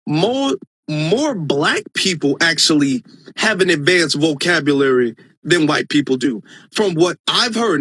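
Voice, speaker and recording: A man's voice: high voice, fairly bright tone, slightly rough, no echo. A man hosting a casual live stream, talking earnestly and emphatically to his viewers, often restarting his sentences as he thinks aloud. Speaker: live-stream host reading viewer comments.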